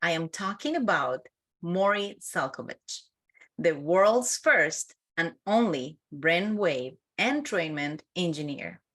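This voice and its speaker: A woman hosting a podcast, giving a formal, deliberate introduction of her guest and interviewing him. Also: on the low side, expressive, a bit bright. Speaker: podcast host.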